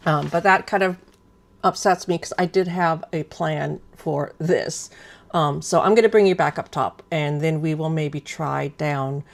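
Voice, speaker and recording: Chatty woman in her fifties with gravelly voice. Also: low voice. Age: 50s. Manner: chatty, rambling, self-deprecating, many ums. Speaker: craft live stream host. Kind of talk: casual live stream chat.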